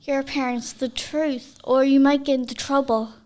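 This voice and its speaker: A woman with a high voice chats as a podcast guest. She is earnest and eager and speaks in simple, plain phrases. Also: fairly even intonation, normal speed, a little mellow. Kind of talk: casual chat.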